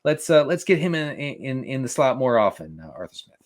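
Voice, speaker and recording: Stammering, laughing fantasy football co-host man. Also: medium pitch. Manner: stammering restarts, quick laughs, animated. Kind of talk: casual podcast chat.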